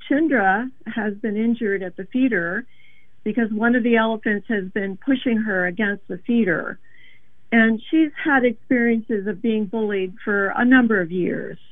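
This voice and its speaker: A woman heard over a tinny phone line, her voice sitting a touch high and completely dry. She explains things in an earnest, measured way, like a guest on a call-in interview. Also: no echo. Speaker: animal advocate guest.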